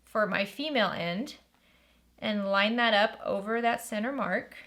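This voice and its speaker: A woman's voice: medium pitch, unhurried, a bit bright. A woman hosting a step-by-step sewing tutorial, upbeat and chatty as she walks through each stage and enthuses over the bag.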